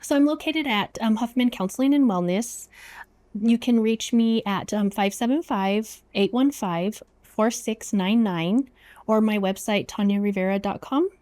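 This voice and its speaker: A woman speaks as a hypnotherapist in a relaxed interview, talking at length and often affirming with a quick "yes". Her voice sits at an ordinary middle pitch. The recording is dry and close, with no room sound. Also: no room sound. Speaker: clinical hypnotherapist. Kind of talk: casual interview talk.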